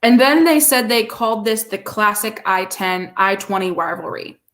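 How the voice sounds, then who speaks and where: A woman in casual sports-podcast chat, animated and sarcastic, often laughing as she reacts. Her voice sits in an ordinary middle range. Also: mid-range voice, moderate pace. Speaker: podcast co-host.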